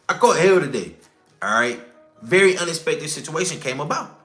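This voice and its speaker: A man's voice: a little high, expressive, normal speed, pushed and bright, faint music behind. A man teaching scripture informally, emphatic and preachy, asking rhetorical questions, swearing casually and checking in with "okay?" and "all right?". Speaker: religious teacher.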